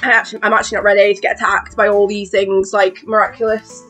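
Give me an excitable woman rambling through a get-ready-with-me vlog, voice at a middle pitch. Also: fast talker, faint music behind. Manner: excitable, swears, acts out reactions. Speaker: beauty vlogger.

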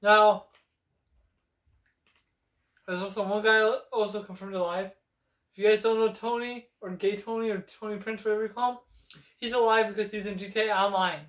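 His high-pitched, slightly bright voice shows little pitch movement, at normal speed with frequent pauses, recorded in an echoey room. The young co-host rambles confidently through casual gaming chat, claiming insider knowledge.

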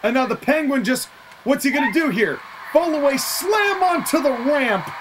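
A wrestling commentator calling the action play by play, excitable, openly taking sides, and quick to laugh. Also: high voice, noisy background.

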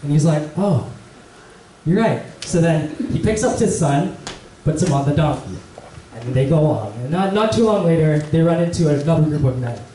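A young man giving a casual church message, telling a story in a relaxed, chatty way full of fillers. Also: fairly high pitch, a little fast, far from the mic. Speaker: preacher. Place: church hall. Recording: echoey church hall, faint room noise.

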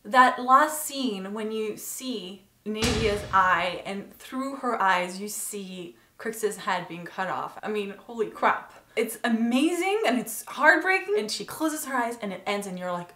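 A woman's voice: medium pitch, lively intonation, unhurried, hardly any pauses, bright, forceful tone. A woman reviewing a TV episode in a casual vlog, talking in an emotional, gushing way. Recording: echoey room.

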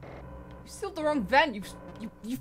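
A woman's voice: high voice, lively intonation, normal speed, background noise. A young woman playing a horror game, chatting to the characters, swearing and laughing in panic. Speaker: gaming YouTuber. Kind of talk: horror game let's play commentary. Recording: faint music behind.

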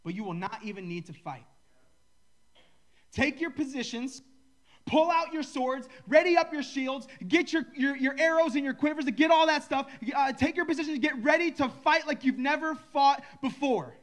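A man's voice: extremely high pitch, animated, normal speed, fairly bright tone, voice pushed up, heavily acted. A man putting on the voice of a brash, know-it-all male messenger who talks in a cocky, emphatic way. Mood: hyped.

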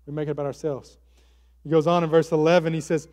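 A man's voice: fairly high pitch, level tone, fast, a little mellow. A male pastor giving a conversational sermon, often tossing rhetorical questions to the congregation. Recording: long hall reverb.

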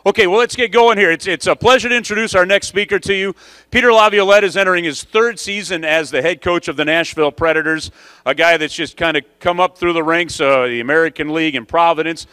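A man's voice: fairly high pitch, quick pace, bright, forceful tone, clean tone, dry recording. A man emceeing a coaching conference, telling a story to the audience in a chatty, conversational way.

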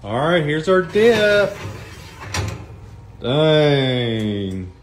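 A man's voice: a little high, big pitch swings, extremely slow, a little hiss or hum. A man casually hosting a home cooking video, playful and joking, talking to viewers as folks.

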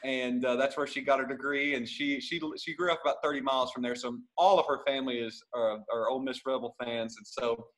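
A man's voice: medium pitch, steady tone, a little fast, hardly any pauses, rough recording. A man, chatting as a podcast guest in a jovial, rambling way, often restarting his sentences. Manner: rambling, self-correcting, jovial. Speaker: podcast guest, gospel singer. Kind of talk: casual chat.

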